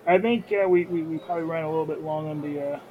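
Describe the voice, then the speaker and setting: A man co-hosting a casual talk show, joking and tossing in quick quips. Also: fairly high pitch, fairly even intonation, phone-quality sound. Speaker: podcast co-host. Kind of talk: casual chat.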